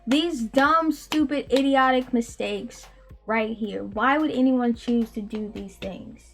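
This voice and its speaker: A man's voice: very high-pitched, takes it slowly, creaky, a bit bright, faint music behind, heavily acted. A woman mimicking a pushy, dismissive man. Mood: scornful. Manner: insistent, dismissive, repeats "no, no". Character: pushy, opinionated man lecturing a passenger.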